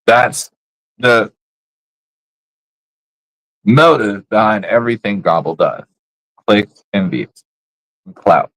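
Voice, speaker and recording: Low-voiced dude ranting on stream, cussing a lot, dry close sound. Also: male voice, takes it slowly, pauses often, a bit bright, no room sound, low-quality recording. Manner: blunt, profane, slangy trash talk. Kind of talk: casual livestream rant.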